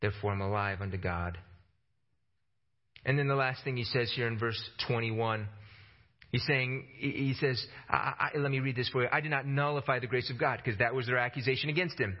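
A man preaching a sermon with passion, climbing to emphatic high peaks and dropping low for stress, often repeating words as he starts a phrase. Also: fairly quick, muffled recording.

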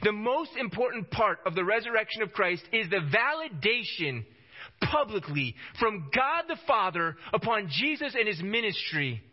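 A man's voice: high-pitched, sing-song, moderate pace. A man preaching a sermon with emphasis, often repeating phrases to drive his points home. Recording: dull lo-fi recording.

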